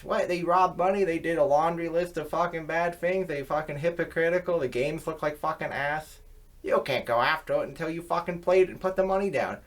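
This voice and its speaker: A man's voice: fairly high pitch, fairly quick. A young man, a YouTuber, ranting to camera in a rambling, scornful way and swearing constantly. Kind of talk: profane rant to camera.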